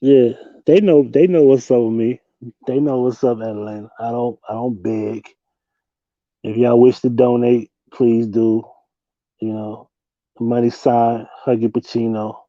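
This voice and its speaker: A man's voice: mid-range voice, steady tone, unhurried, no echo, muffled recording. A young man hosting a casual livestream from his desk, slangy and loose, laughing often as he talks to his viewers. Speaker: livestream host. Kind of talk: casual late-night livestream chat.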